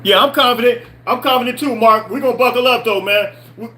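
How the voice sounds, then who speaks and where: A man's voice: very high voice, fast, sharp tone, rough recording. A man hosting a live-stream sports podcast, talking casually, answering chat comments and repeating himself with rhetorical questions. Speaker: podcast host.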